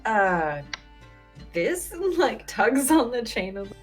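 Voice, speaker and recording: A woman with a somewhat high voice plays her character in a tabletop game, joking and playful. Faint music runs behind her. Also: sing-song, slow. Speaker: player.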